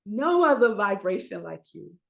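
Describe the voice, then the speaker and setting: Preaching her Sunday sermon, a woman minister uses a mid-range, slightly bright voice with vocal fry, very animated yet slow and emphatic. She pauses for effect and puts rhetorical questions to her congregation.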